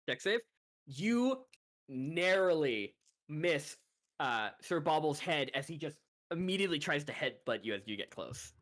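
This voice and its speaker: Lively game master with wide pitch swings. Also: male voice, measured pace. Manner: laughing, loose and rambling. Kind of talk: narrating a tabletop game.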